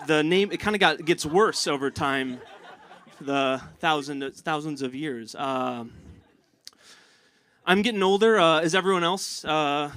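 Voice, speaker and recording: A man performing a stand-up set on stage. He speaks haltingly with many uh fillers and dry jokes. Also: a little high, fairly bright tone. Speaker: stand-up comedian. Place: live comedy show on stage.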